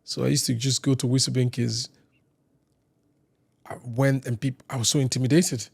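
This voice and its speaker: A man from Nigeria, a singer on a podcast, telling casual stories in a lively way and acting out other people's lines. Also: medium pitch, moderate pace, gravelly, breathy edge. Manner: lively anecdote teller who acts out other people's lines. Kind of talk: casual storytelling chat.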